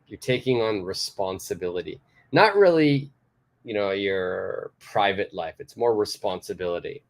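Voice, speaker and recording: A man from Canada teaching English idioms in a live online lesson, explaining patiently and repeating key phrases. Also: on the low side. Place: home studio in Tokyo.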